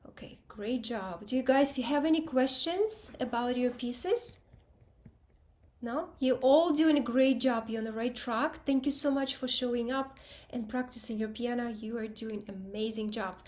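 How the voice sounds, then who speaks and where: A woman's voice: fairly high pitch, normal speed, darkish tone. A woman teaching piano, giving students encouraging feedback and singing out rhythms to show how passages go. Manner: encouraging, sings out rhythms to demonstrate. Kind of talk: online group piano lesson feedback.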